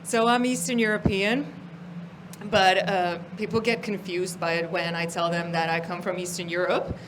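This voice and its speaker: A woman's voice: on the low side, steady tone, normal speed, noisy background. A woman from Estonia doing stand-up, teasing the audience playfully at a live comedy venue. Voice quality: playful crowd work, teasing.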